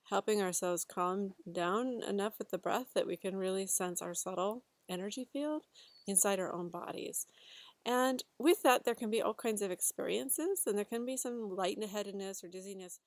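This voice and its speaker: A woman guiding a breathwork class, talking gently and unhurriedly with a few fillers. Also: mid-range voice, creaky, dry recording. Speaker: breathwork facilitator. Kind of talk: guided instruction to a class.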